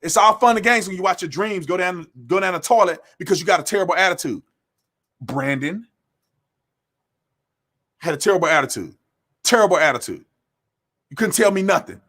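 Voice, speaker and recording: High-voiced blunt scolding man. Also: animated, fairly quick, long pauses, pushed and bright. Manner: blunt, scolding, preacher-like cadence with repeated phrases. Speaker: commentator hosting his own show. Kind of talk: impassioned monologue.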